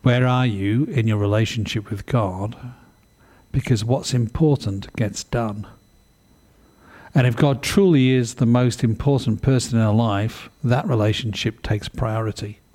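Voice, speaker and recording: Mellow-voiced preacher. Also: male voice, mid-range voice, unhurried. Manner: conversational and animated, with rhetorical questions. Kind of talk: sermon.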